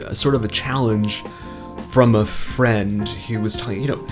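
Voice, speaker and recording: A man with a General American accent, speaking as a podcast guest in a measured, articulate way with frequent restarts. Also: medium pitch, steady tone, over music. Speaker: guest philosopher. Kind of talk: conversational podcast interview.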